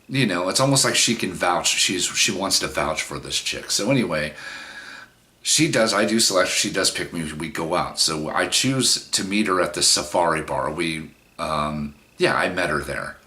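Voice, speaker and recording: Middle-aged man, rambling blunt vlogger, deep voice with a sharp edge. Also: animated, moderate pace. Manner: rambling, frank and profane, with many restarts. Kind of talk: casual storytelling monologue.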